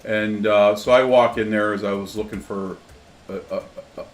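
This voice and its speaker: A man's voice: lowish voice, fairly even intonation, moderate pace. A man co-hosting a whiskey podcast, telling a rambling anecdote in casual chat. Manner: rambling storyteller, many restarts and "blah, blah, blah". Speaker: podcast co-host. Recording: echoey room, faint background noise.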